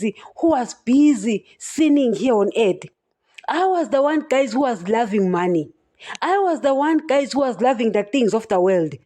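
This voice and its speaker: A woman's voice: high-pitched, a little mellow. A young woman hosting a Christian podcast, reading scripture and then preaching emphatically, repeating herself and calling her listeners "guys". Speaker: podcast host. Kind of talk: Bible reading and impassioned Christian talk.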